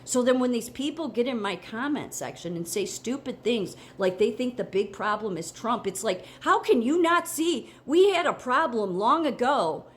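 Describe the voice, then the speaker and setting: A woman's voice: a little high, animated, moderate pace, hardly any pauses. An American woman giving a heated, rambling opinion monologue as a commentary vlogger, indignant, with frequent restarts.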